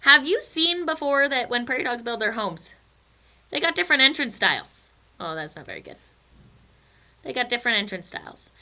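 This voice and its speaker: A woman's voice: on the high side, lively intonation, moderate pace, long pauses, bright, forceful tone. A woman teaching a recorded physics lesson, chatty and playful, slipping into silly stories and asides.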